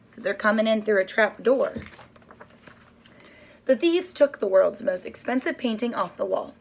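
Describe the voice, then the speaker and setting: A woman's voice: mid-range voice, expressive, gravelly. Woman reading a storybook to children. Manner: pauses to ask listeners questions. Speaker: storybook reader.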